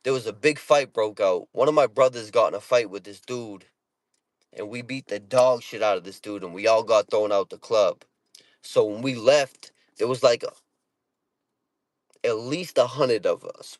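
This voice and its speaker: A Boston-accented rapper with a fairly low voice speaks at normal speed in a dry recording. He casually tells stories to his viewers and answers comments in blunt street slang with heavy swearing.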